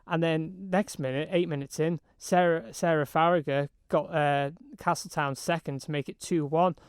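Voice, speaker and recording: A man with a Manx accent, slightly hoarse, describing hockey matches in an excitable sports chat full of fillers and restarts. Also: fairly high pitch, moderate pace, dry recording, studio quality. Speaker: hockey reporter.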